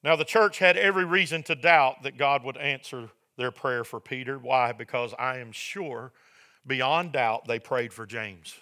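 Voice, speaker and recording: A man preaching a sermon as pastor, asking the congregation "Amen?" and building to shouted peaks. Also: mid-range voice, unhurried. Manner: preaching with call-and-response "Amen?" and shouted climaxes.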